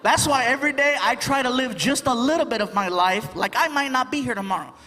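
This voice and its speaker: High-voiced man doing animated stand-up. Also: fairly quick. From United States. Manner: animated, laughing at his own jokes, acts out voices. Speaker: stand-up comedian. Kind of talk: stand-up comedy set. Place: theater stage with live audience. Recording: live show with crowd laughter and noise.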